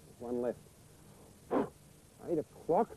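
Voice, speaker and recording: Male kids' TV presenter, cheerful, lively pitch, slow and mellow. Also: slight background noise, rough recording. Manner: cheerful counting with laughs. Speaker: children's TV presenter. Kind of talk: children's TV presenting.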